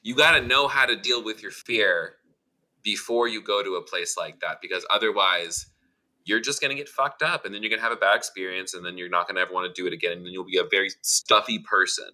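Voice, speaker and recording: Blunt, swearing male co-host with a sharp, very bright tone. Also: low voice, fast. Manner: blunt and emphatic, swears freely. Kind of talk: casual chat.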